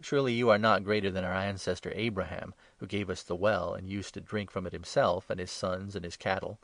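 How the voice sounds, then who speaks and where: A Samaritan woman at a well asks earnest, searching questions, as a man reads her part. The voice stays low and gravelly, with little change from his own. The sound is dry and close. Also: fairly even intonation, a little fast, a bit bright, no echo. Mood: questioning. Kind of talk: scripted Bible reading.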